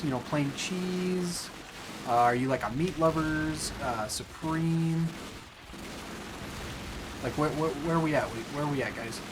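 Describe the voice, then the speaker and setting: A man's voice: mid-range voice, background noise. A young man hosting a casual let's play, chatting and joking with viewers, with bursts of frustration. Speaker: gaming channel host.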